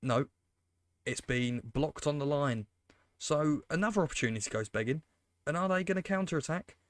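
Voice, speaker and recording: A man commentates on his own football management game, sarcastic and exasperated as chances go begging. His voice sits a touch high and sounds dry and close. He keeps talking straight to his viewers. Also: moderate pace, dry recording. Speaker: gaming commentator. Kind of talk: casual let's-play commentary.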